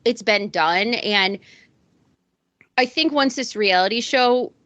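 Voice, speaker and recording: A woman's voice: medium pitch, slow pace, fairly bright tone. A woman co-hosting a podcast in casual chat, gossipy and blunt, swearing freely. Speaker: podcast co-host.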